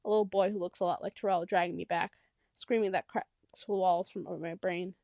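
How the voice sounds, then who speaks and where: Gravelly-voiced woman narrating an audiobook. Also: on the low side, fairly even intonation, fairly quick, warm tone, dry recording, studio quality. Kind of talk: first-person audiobook narration.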